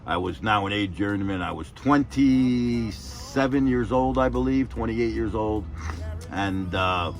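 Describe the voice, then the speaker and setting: A man's voice: lowish voice, a little slow, faint music behind. A man telling rambling, profane stories about his old job. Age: 50s. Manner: rambling, profane, repeats "and everything". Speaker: retired electrician telling stories. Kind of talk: casual storytelling.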